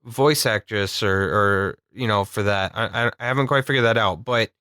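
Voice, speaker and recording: Bright-voiced male podcast co-host. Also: lowish voice, normal speed, clean tone, no room sound, clean studio sound. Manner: jokey, rambling, laughs often. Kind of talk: casual chat.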